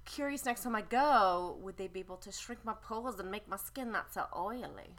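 A woman's voice: medium pitch, moderate pace, fairly bright tone. A woman in her thirties co-hosting a podcast, chatting casually, often laughing and restarting her sentences. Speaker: podcast co-host. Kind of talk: casual chat.

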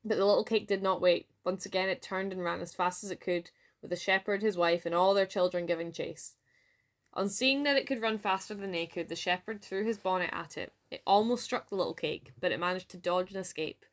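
A woman with a Scottish accent narrating a folk tale aloud in a lively storytelling manner. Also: lowish voice, fairly quick. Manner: lively read-aloud with voiced dialogue.

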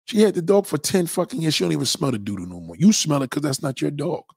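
A man's voice: a little high, lively intonation, fast talker, creaky, a little mellow, slightly rough, no echo, clean studio sound. A man hosting a livestream, giving a crude, profane rant in a blunt, lecturing way and reading out messages from his chat. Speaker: livestream host.

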